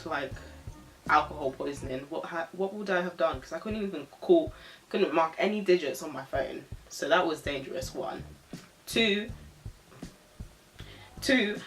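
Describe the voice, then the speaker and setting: A woman's voice: sits low, a bit bright. A young woman vlogger telling a story in casual chat, frank and chatty, swearing freely and sipping a drink as she talks. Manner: sipping a drink while talking.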